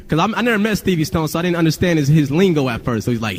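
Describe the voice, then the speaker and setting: A man's voice: a little high, animated, quick pace, hardly any pauses. A male rapper telling a story in a casual, rambling, profane way, full of "you know". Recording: long reverb.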